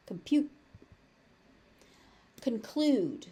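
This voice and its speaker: A woman's voice: mid-range voice, expressive, slow, warm tone. A woman with a General American accent teaching pronunciation, saying each word several times and explaining the sounds. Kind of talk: pronunciation lesson with repeated words.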